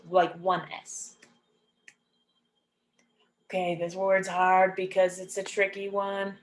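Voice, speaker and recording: A woman teaches English sounds, drawing every word out slowly and saying it over and over with patient care. Her voice sits at a middle pitch. It rings in an echoey room. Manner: repeats each word slowly and clearly, patient. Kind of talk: slow, clear phonics lesson.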